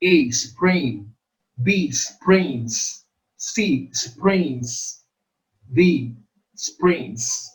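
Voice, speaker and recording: Slow, lively-pitched male review teacher. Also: low-quality recording. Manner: explains slowly, repeats terms and stresses syllables. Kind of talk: teacher-exam coaching lecture.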